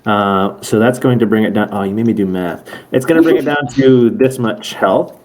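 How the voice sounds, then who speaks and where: A man's voice: on the low side, moderate pace, darkish tone, slight background noise. Casual rambling man running a game. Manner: casual, rambling, self-correcting. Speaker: game master. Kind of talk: narrating a tabletop game.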